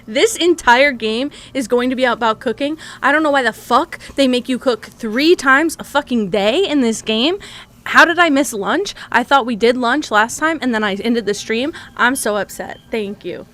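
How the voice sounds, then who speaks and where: A woman's voice: on the high side, normal speed, a bit bright. A young woman streaming a video game, chatting casually with her viewers, laughing often and swearing freely.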